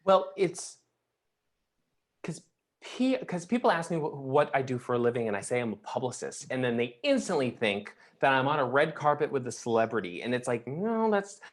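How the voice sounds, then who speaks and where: A man working as a publicist, talking as a guest on a podcast in a chatty, animated way with many restarts. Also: medium pitch, normal speed. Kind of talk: casual podcast conversation. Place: Los Angeles.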